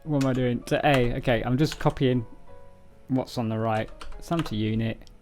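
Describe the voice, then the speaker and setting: A man's voice: mid-range voice, moderate pace, a little mellow, soft background music. A man casually walking through a programming book on a live stream, rambling, joking at himself and stumbling over words. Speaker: livestreamer reading a programming book. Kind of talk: casual live-coding walkthrough.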